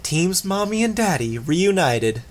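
A man's voice: sits high, huge pitch swings, slow pace, pitched above the performer's own voice, heavily acted. A man reading an audiobook, voicing an overdramatic, sarcastic teenage girl.

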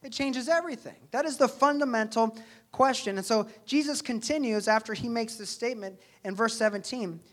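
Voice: medium pitch, brisk. A pastor preaching a sermon in a church, earnest and conversational, often asking rhetorical questions.

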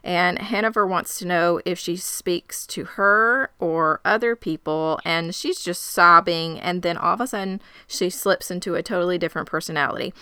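A woman co-hosting a podcast, retelling a scene in lively casual storytelling. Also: fairly low pitch, moderate pace, few pauses, smooth, dry recording, studio quality. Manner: animated storytelling, quoting characters. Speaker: podcast co-host. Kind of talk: casual recap chat.

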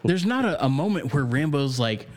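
This film-reviewing podcast co-host has a sing-song voice on the high side and talks at a normal speed. His casual chat rambles, full of swearing and filler words.

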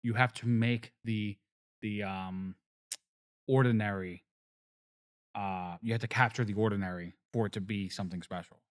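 A man's voice: on the low side, fairly even intonation, moderate pace, long pauses. A man in a casual film chat, explaining things thoughtfully with frequent hesitations.

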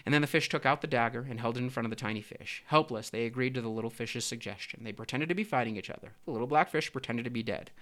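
A man narrating a storybook in an expressive, even-paced voice. He reads aloud clearly, as if to an audience of children. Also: mid-range voice, quick pace, hardly any pauses. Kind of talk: storybook reading.

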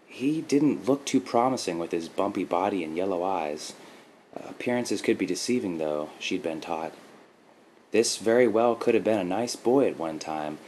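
A man narrating a short story in a steady, measured reading style, with faint background noise. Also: on the low side, low-quality recording. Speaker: podcast host and story reader.

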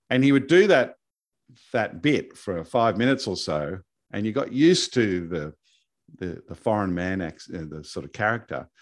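Male co-host, lowish voice, rambling casual delivery. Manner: hesitant, many fillers and restarts, laughs easily. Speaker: podcast co-host. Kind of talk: casual chat.

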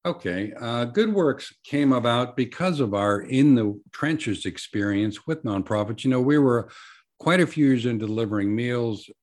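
An earnest man in conversation, laying out his story at a steady, measured pace and acting out what people said to him. His voice sits at an ordinary middle pitch for a man, neither deep nor high. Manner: earnest, measured, tells stories with quoted dialogue. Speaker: nonprofit founder guest.

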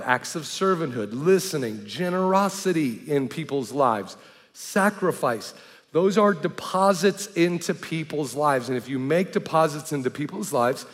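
A man's voice: on the high side, big-room sound. A man preaching a sermon as pastor in a conversational way, often checking in with his listeners through rhetorical questions.

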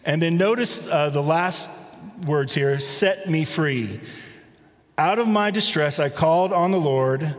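A middle-aged man preaching a conversational sermon, asking rhetorical questions and reading scripture slowly. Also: on the high side, in a large hall. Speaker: pastor. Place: church sanctuary.

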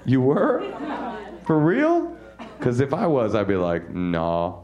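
A man doing stand-up crowd work on a comedy club stage, brash and laughing at his own jokes, throwing in lively voices for the people he quotes. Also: medium pitch, slow pace, muffled recording.

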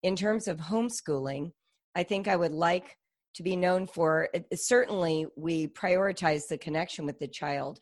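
A middle-aged woman talking as a podcast guest, her voice sitting a touch low. She is thoughtful and expressive, with a storyteller's manner. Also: normal speed. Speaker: guest, homeschool author. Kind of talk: podcast interview.

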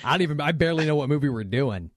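A man's voice: on the high side, animated, racing, no room sound, clean studio sound. A man hosting a podcast, joking and rambling as he teases his guests. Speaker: podcast host. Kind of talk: casual podcast banter.

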